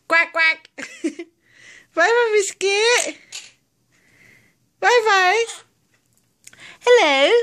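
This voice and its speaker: A woman talking baby talk to her pet parrots at home, cooing and repeating sing-song phrases with frequent laughter. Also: high-pitched. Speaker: pet parrot owner filming her birds.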